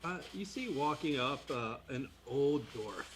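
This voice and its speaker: A man describing his tabletop character in a halting, casual way. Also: mid-range voice, lively intonation, slight background noise. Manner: halting, many fillers. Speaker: player.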